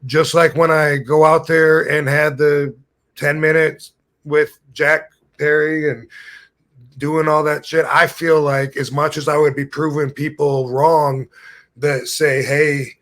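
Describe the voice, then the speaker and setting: A man's voice: fairly high pitch, slow. Rambling fifties man telling stories. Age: 50s. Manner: rambling, animated anecdotes with put-on voices. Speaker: podcast host. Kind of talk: casual storytelling.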